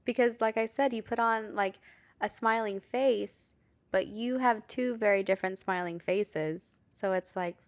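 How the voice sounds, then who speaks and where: A woman's voice: mid-range voice, measured pace. A young woman co-hosting a casual podcast chat, earnest and questioning, filling her talk with "like.". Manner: earnest, questioning, heavy "like" fillers. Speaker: podcast co-host.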